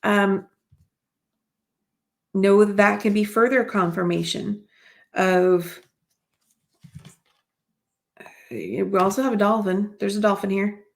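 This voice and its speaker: A woman's voice: medium pitch, slow, gravelly, long pauses. Chatty woman giving a card reading. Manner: chatty, rambling, many fillers and asides. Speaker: card reader. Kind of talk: spiritual card reading to camera.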